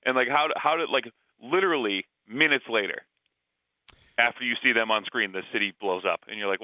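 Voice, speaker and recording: Fast-talking man on a phone line. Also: mid-range voice, dry recording. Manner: rambling, opinionated, full of fillers. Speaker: podcast co-host. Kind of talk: casual movie discussion.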